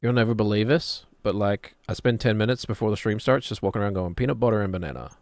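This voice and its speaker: A man's voice: lowish voice, fairly even intonation, fast, darkish tone, no room sound, studio quality. A man, streaming a game and chattering casually, rambling and joking as he plays. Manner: rambling, jokey, drifts into put-on British voices.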